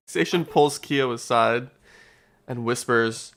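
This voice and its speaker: A young man in a tabletop game, narrating his character's actions in a halting, casual way. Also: mid-range voice, a bit bright. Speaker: player.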